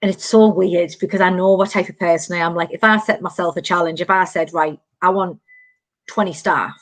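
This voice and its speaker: A woman's voice: fairly low pitch, a little fast, dry recording. A woman, telling stories animatedly in casual chat as podcast host. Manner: animated storytelling, many fillers.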